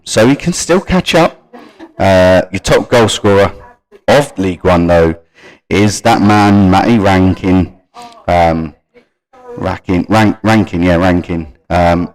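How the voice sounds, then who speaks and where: A man's voice: sits low, slow pace, darkish tone, poor audio. A man hosting a live gaming stream. He runs through league standings and stats and talks casually to his viewers. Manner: reads league stats off screen and chats to viewers. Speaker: stream host.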